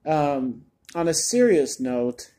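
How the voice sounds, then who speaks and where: A man's voice: on the high side, very animated, slow, dark tone. A man giving a casual spoken movie review, chatty and exasperated, often repeating words as he restarts a thought.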